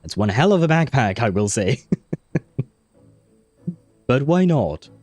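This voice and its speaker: A man's voice: medium pitch, very animated, slow, darkish tone, dry recording, faint music behind. A French-speaking man chatting casually as he streams a game, rambling with lots of fillers. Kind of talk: casual gameplay commentary.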